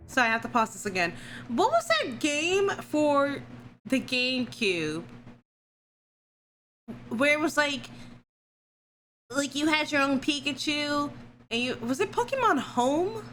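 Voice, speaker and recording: A woman streamer reacting casually and excitedly on a live stream, chatting with gasps and exclamations. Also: sits high, slight background noise.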